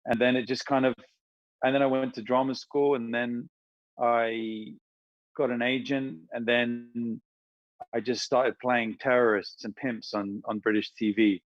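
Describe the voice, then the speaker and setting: A man, an actor and voice performer, chatting casually and telling animated stories with quick impressions. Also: medium pitch, no echo, highs cut off. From United Kingdom. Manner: animated, slips into impressions mid-story. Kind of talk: casual interview storytelling.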